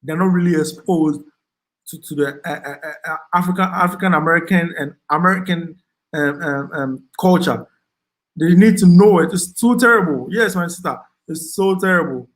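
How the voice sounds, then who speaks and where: A man's voice: a little high, moderate pace. Ghanaian man hosting a casual live chat. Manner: reads out comments and thanks viewers, frequent ums and repeats. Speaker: livestream host reading viewer chat.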